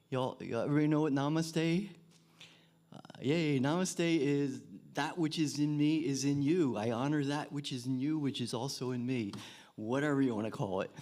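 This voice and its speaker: A man in his seventies telling a soft-spoken story at an open mic, his voice drifting quieter as he restarts phrases. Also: medium pitch. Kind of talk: spoken storytelling before a song.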